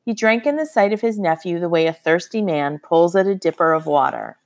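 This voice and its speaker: A woman with a fairly low voice narrates a story in the first person. Her delivery is measured and expressive, like an audiobook reading.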